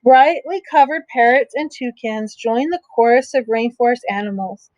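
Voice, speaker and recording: Gentle teacher woman reading aloud. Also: on the high side, dry recording, muffled recording. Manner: gentle, explains slowly with simple asides. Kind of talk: reading a picture book aloud to young students.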